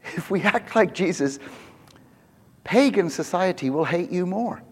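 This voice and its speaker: Middle-aged male pastor, a bit high-pitched, chatty and self-deprecating in the pulpit; the church hall rings behind him. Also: lively intonation, measured pace, slightly rough. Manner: conversational and joking, self-mocking. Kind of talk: sermon.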